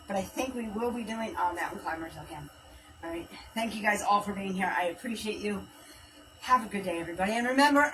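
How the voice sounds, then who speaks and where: A woman livestreams an at-home workout, chatting casually and counting her reps, somewhat breathless as she goes. Her medium-pitched voice has a fairly bright tone, though the distant mic makes for a low-quality recording.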